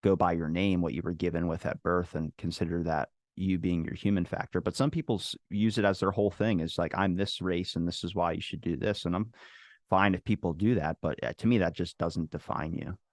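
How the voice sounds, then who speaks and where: A man's voice: sits low, fairly even intonation, brisk, a little mellow, no echo, clean studio sound. A man with a Maryland accent hosting a podcast, trading crude jokes in casual chat. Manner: jokey, crude banter. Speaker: podcast host.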